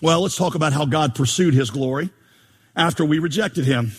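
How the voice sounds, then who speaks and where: A man's voice: on the high side, moderate pace, breathy edge. A male pastor preaching an emphatic, humorous sermon, recorded with the long reverb of a large hall. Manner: emphatic, humorous, mimics prayers.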